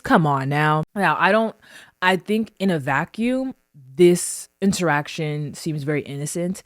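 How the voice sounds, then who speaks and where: A woman's voice: low voice, dry recording. A woman giving casual, emphatic commentary in a recap of a reality show, opinionated and slangy, recorded close to the mic.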